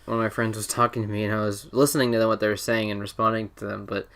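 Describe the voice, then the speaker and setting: A man's voice: fairly low pitch, little pitch movement, rapid-fire, a bit bright. A teenage boy hosting a casual podcast chat, rambling and joking with lots of fillers and restarts. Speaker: podcast host.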